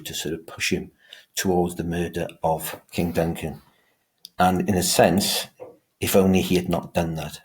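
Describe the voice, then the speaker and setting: A man's voice: deep voice, darkish tone. A male teacher giving a revision lecture, talking emphatically and often restarting and repeating his words as he explains.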